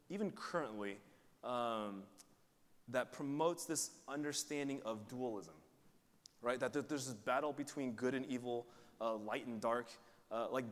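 A man preaching a sermon to his church in a casual, joking, conversational way, often checking in with "right?". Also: medium pitch. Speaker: pastor. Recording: long hall reverb.

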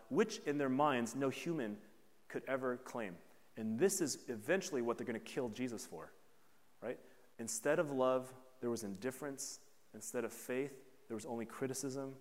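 A man preaching a sermon at a middle pitch, talking to his listeners as if in conversation and often checking in with "right?". He acts out the voices of people in the story. His voice trails off into a long reverb, as in a large hall.

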